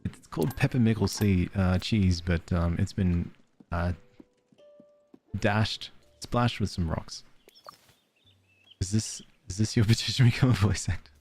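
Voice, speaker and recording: A man's voice: low-pitched, unhurried, pauses often, a little mellow, soft background music. A man streaming a cozy game, chatting casually and giggling while reading game letters aloud. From Australia. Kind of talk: casual let's-play chat.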